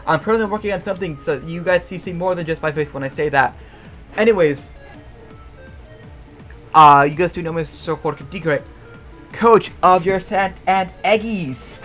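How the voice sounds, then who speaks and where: Rambling young man, higher voice, over music. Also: a little fast, pauses often, a bit bright. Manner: rambling, stumbles and repeats words; self-mocking, jokey asides. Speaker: YouTuber and league coach. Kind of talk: casual draft analysis commentary.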